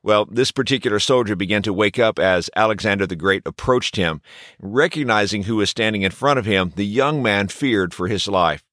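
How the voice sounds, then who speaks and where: A man's voice: lowish voice, normal speed, a bit bright, dry recording, studio quality. Earnest man hosting a devotional podcast. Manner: earnest, asks rhetorical questions. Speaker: podcast host.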